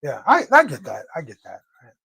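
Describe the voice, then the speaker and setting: A man with an American accent hosting a casual livestream chat, joking around and reading viewer comments aloud in a quick, loose way. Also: a little high, huge pitch swings, vocal fry, sharp tone, breathy edge, dry recording. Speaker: livestream host.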